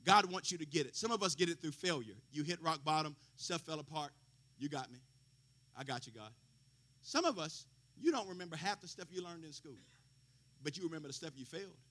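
Bright-voiced fervent preacher man. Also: a little high, expressive, quick pace. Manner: preaching with rising fervor, quoting scripture, folksy asides. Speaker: pastor. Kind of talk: sermon.

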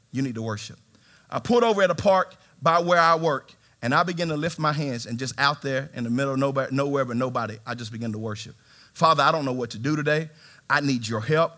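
A man preaching a sermon in a church, animated, with swings from shouts to hushed tones and humor aimed at the congregation. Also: fairly high pitch. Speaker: pastor. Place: church sanctuary.

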